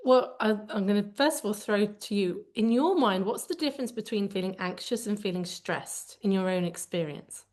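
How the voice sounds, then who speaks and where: A woman's voice: medium pitch, normal speed, hardly any pauses, a little mellow. A woman co-hosting a conversational podcast, speaking candidly and reflectively as she searches for the right words. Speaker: podcast co-host.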